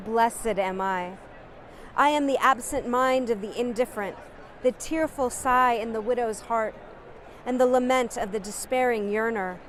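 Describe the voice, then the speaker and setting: A woman's voice: on the high side, slight background noise. Impassioned woman declaiming poetry. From United States. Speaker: poetry reciter. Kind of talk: dramatic poetry recitation.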